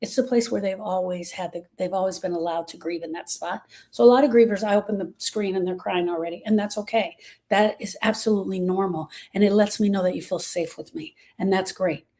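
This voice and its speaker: Speaking at a fairly quick clip in a medium pitch, this grief coach motivates her viewers. She's emphatic and repetitive, addresses them as "girl," and swings from quiet to loud.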